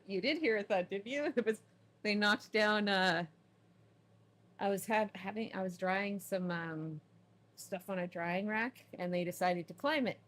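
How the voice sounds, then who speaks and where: A Canadian woman streams a game from home, chatting and laughing often in a casual let's play, though smoke allergies have left her throat sore. Her voice is medium-pitched, unhurried, and a bit bright.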